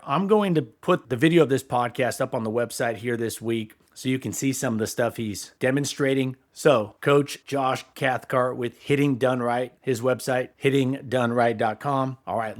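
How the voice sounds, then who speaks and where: A man in his forties hosting a baseball coaching podcast, talking in an enthusiastic, conversational way. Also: mid-range voice. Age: 40s. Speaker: podcast host. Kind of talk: casual podcast talk.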